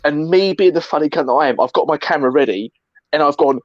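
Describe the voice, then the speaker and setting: A man co-hosting a casual chat, telling stories with animated energy, acting out other people and swearing freely. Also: a little high, quick pace, no room sound, dull audio. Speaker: co-host.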